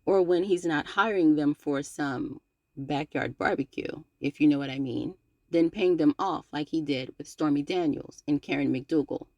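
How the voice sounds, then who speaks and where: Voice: medium pitch, normal speed, darkish tone, dry recording, dull audio. A channel host reading a scripted open-letter commentary, sarcastic and scolding, with playful slang and direct address.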